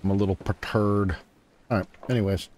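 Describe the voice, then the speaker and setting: A man's voice: on the low side, steady tone, fairly quick, a little mellow, a little hiss or hum. A man giving casual live commentary as he plays a survival game, chatting along and teasing the creatures on screen. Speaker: gaming streamer.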